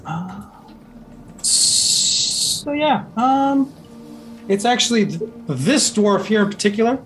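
Tabletop GM, casual narration, hesitant and filler-heavy, mid pitch. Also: lively intonation, takes it slowly, a bit bright, soft background music, poor audio. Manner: rambling, hesitant with many fillers. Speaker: game master.

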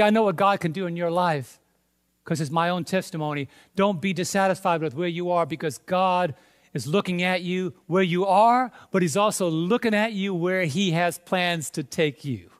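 A man with a New York accent preaching a sermon, emphatic, with sudden loud stresses on key words. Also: high voice. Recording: long hall reverb.

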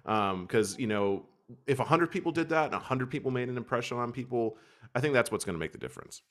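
A man's voice: medium pitch, quick pace. Young american guy on a podcast, swears a lot, voice jumps all over when he tells stories. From Kentucky, USA. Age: young adult. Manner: animated storyteller, acts out quoted voices, swears casually. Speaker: podcast co-host. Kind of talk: casual chat.

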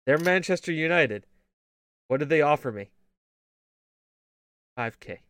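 A man's voice: on the high side, expressive, a little slow, fairly bright tone, clean tone. A man co-hosting a casual gaming show, telling rambling stories full of swearing and laughter. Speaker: podcast co-host.

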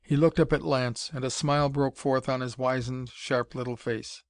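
A man's voice: mid-range voice, steady tone, normal speed, no echo, studio quality. Man reading a story steadily. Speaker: audiobook narrator. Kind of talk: scripted narration.

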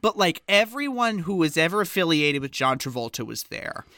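A podcast co-host in casual movie chat, animated and swearing freely while telling gossipy anecdotes. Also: medium pitch, normal speed, no room sound, clean studio sound.

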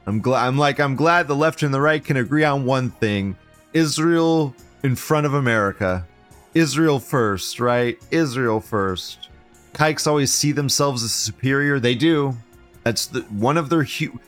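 A man hosting a live show, reading chat aloud and ranting in a profane, sarcastic way. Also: lowish voice. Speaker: livestream show host.

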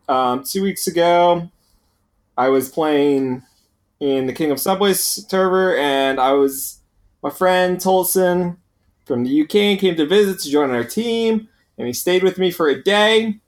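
A man's voice: fairly high pitch, slow. A man co-hosting a podcast, telling rambling, complaining stories in casual chat. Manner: rambling, complaining, animated storytelling. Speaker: podcast co-host.

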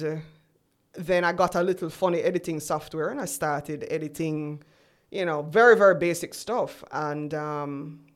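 Woman in her 40s, guest on a chat show, lowish voice, storytelling and playing out old convos. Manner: chatty, acts out remembered dialogue. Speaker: guest entrepreneur. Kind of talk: casual interview storytelling.

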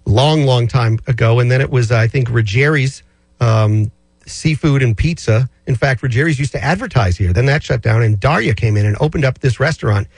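A man's voice: mid-range voice, normal speed, darkish tone, slightly rough, no echo. A man hosting a casual radio talk show, chatty and rambling. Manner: chatty, rambling, with many fillers and restarts. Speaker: radio show host answering listener finance questions.

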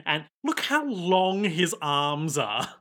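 A man's voice: a little high, sing-song, pushed and bright. A man co-hosting a podcast, chatting casually and joking as he recaps a show. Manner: joking, rambling, quick asides. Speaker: podcast co-host. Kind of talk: casual chat recapping an anime.

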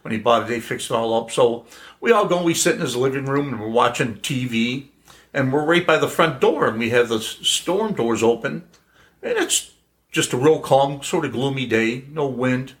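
A man's voice: medium pitch, expressive, normal speed. A middle-aged man telling a story casually to family, with a playful, laugh-prone manner. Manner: laughs often, playful prankster. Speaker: guest storyteller.

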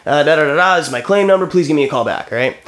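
A man's voice: on the high side, animated, rapid-fire, a bit bright. A man in his thirties telling a story in casual chat, acting out phone calls and swearing freely. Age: 30s.

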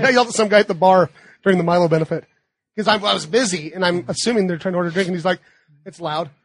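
A man's voice: high-pitched, racing, no room sound. A man co-hosting a podcast, chatting casually and telling stories with lots of laughter. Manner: animated storyteller, laughs often, yells in retellings. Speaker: podcast co-host; teacher. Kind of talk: casual chat.

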